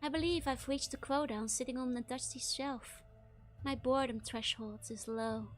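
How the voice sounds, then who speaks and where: A woman voicing a sultry, bored talking skull in a slow, languorous whisper, as a whispered role-play. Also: high-pitched, fairly even intonation, faint music behind, natural voice. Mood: languid.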